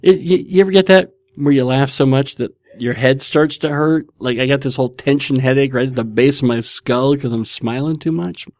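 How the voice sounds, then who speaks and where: Chatting from home on a casual podcast, a male host rambles and laughs at himself. His voice is medium in pitch and a little mellow, moving at a normal speed with few pauses. The studio sound is clean, with no echo.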